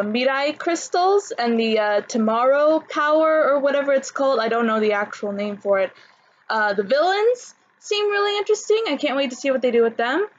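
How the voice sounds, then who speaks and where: A woman's voice: fairly high pitch, lo-fi sound. A woman talking casually in a vlog, chatty and full of fillers and restarts. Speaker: anime vlogger.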